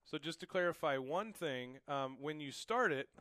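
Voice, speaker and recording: A man teaching drums in a relaxed, reassuring way, calling out strokes and counts as he plays. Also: fairly high pitch, normal speed, loud music behind the voice. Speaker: drum teacher. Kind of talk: casual instructional talk. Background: drum kit playing.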